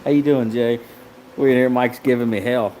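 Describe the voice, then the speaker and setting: A man's voice: medium pitch, fairly even intonation, moderate pace, mellow, a little hiss or hum, poor audio. A man hosting a casual livestream from a car shop, chatting with viewers and laughing constantly between lines. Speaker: livestream host. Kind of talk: casual live chat with viewers.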